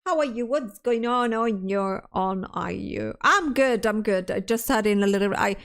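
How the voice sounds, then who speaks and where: A woman's voice: medium pitch, normal speed, a bit bright. A stressed woman streamer in casual livestream chat, ranting, swearing often and restarting her sentences as she reads chat aloud.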